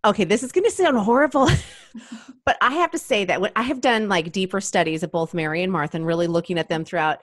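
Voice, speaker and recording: A middle-aged woman talks about faith with lively energy. She laughs easily and slips into playful voices for the people she quotes. The sound is close and dry, with no room around it. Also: mid-range voice, fast talker, no echo. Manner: animated, laughs often, acts out quoted voices. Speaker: guest author and women's ministry leader. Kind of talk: faith podcast conversation.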